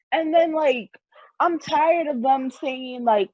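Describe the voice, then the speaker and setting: A woman's voice: high voice, animated, a little slow, no echo, muffled recording. Fiery, profane young woman ranting. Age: young adult. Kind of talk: heated casual discussion.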